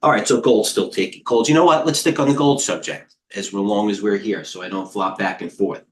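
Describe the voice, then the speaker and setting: A middle-aged man hosting a live trading stream, giving casual market commentary in a rambling way, with quick asides, restarts and talking to himself. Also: lowish voice. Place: indoor room with a heater on.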